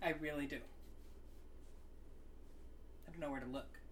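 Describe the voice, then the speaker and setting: A man's voice: a little high, fairly even intonation, measured pace, a bit bright, slight background noise. A man co-hosting a casual podcast chat, playful and jokey, slipping into silly accents. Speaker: podcast co-host.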